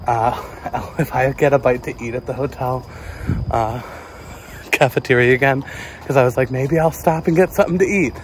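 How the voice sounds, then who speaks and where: Male vlogger, mid pitch, chatty and rambling, handheld camera, faint noise behind. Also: moderate pace. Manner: chatty, rambling, many fillers. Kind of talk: casual vlog narration. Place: walking around a resort, then a hotel room.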